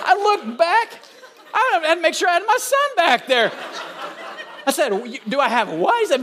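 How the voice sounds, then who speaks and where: A middle-aged man delivering a sermon in a high voice that leaps up and down with expression. He slips into animated storytelling, acting out the people he quotes, then slows down to stress his main points. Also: slight background noise. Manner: slows down for emphasis on key lines. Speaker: pastor.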